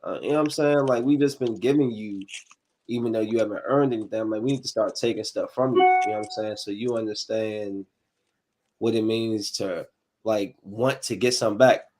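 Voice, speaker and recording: A man in his thirties hosting a casual podcast panel, telling animated stories in slangy talk and acting out the quotes. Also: on the low side, brisk. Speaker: podcast host.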